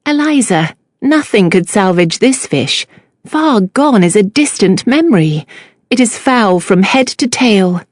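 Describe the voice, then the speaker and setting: Crisp decisive young lady voiced by a woman, proud and pert, period storybook character, dry close recording. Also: mid-range voice, expressive, a little slow, no echo, pitched above the performer's own voice. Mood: indignant.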